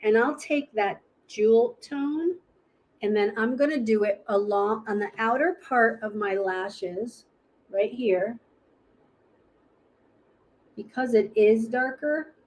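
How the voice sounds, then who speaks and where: A woman's voice: a little high, takes it slowly, pauses often. A woman giving a casual live makeup tutorial, chatting and thinking aloud as she hunts for her products. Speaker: makeup presenter.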